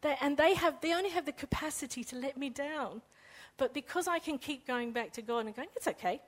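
A woman giving a personal faith testimony in an earnest, halting way, often repeating words as she restarts. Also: high-pitched. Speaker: speaker sharing a faith testimony.

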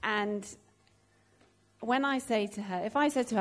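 Slow, halting woman. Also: fairly high pitch. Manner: emotional, halting with many fillers. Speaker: church member sharing a testimony. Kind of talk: spontaneous testimony in a group.

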